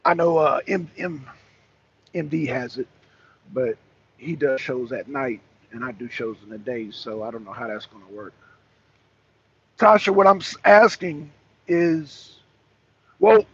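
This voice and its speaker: Husky man hosting a political talk. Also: medium pitch, lively intonation, moderate pace, pauses often. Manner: emphatic and repetitive, with frequent restarts. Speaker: talk show host. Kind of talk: casual political talk with a caller. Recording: dull lo-fi sound.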